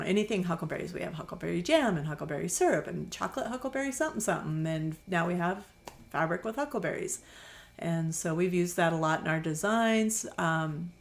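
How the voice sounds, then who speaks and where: A woman's voice: deep voice, a little hiss or hum. A middle-aged woman who owns a quilt shop, chatting enthusiastically in an interview and telling stories with many fillers. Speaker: quilt shop owner, guest. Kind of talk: casual interview conversation.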